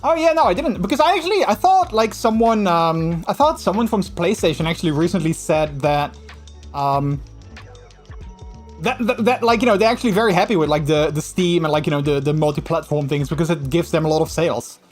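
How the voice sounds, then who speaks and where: A man's voice: fairly high pitch, animated, brisk, faint music behind. Rambling Dutch-accented male streamer. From Netherlands. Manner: rambling, full of fillers and restarts; slips into mocking put-on voices when quoting. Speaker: livestreamer. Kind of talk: casual livestream chat with viewers.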